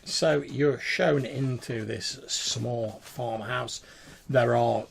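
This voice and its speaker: A man's voice: medium pitch, gravelly, a little hiss or hum. A man narrating a tabletop game as game master, describing scenes with frequent fillers. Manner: descriptive, with many fillers and restarts.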